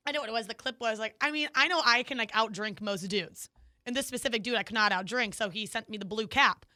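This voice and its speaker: A woman's voice: on the high side, fast, dry recording, clean studio sound. A woman co-hosting a podcast in casual chat, telling stories with lots of laughter. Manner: giggly, animated storytelling. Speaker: podcast co-host.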